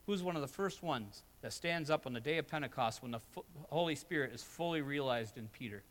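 A man's voice: medium pitch, animated, a little fast. A man preaching a sermon as pastor, emphatic and building with repeated phrases, in a church sanctuary. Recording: long hall reverb.

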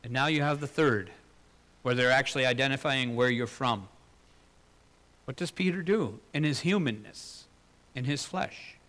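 A man preaching a sermon in an earnest way, asking rhetorical questions, swelling louder and then dropping low. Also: moderate pace, pauses often. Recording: long hall reverb.

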